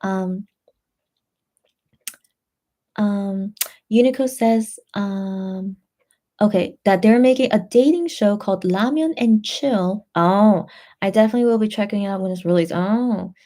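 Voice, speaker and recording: On a late-night livestream, a woman reads viewer comments and chats back in a warm, medium-pitched voice, speaking at a measured pace and pausing often. She rambles, restarts and fills gaps with fillers, sounding tired and a bit tipsy.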